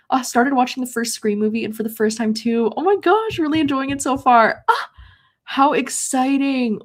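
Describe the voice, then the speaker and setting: A young woman hosts a casual live stream, chatting excitably as she reads comments aloud. Her voice sits at a middle pitch for a woman. She talks loosely, with plenty of filler words. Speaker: host reading chat comments during a live readathon. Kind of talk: casual livestream chat.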